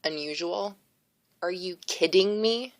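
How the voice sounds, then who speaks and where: A woman voicing a brash teenage girl heroine who speaks bluntly and sarcastically in an audiobook. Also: on the low side. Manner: blunt, sarcastic, quick to snap.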